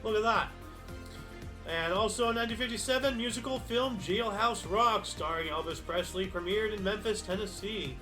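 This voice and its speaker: Man, high voice, reads dates then mumbles asides, soft music behind. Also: moderate pace. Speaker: history show host. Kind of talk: casual live-stream reading with asides. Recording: faint background music.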